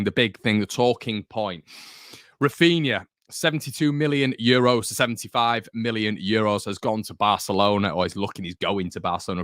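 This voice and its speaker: Chatty young man, low and dry. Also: fairly bright tone, no echo. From Northern England. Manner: chatty, jokey, rambling. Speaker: football fan channel host. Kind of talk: casual chat to camera.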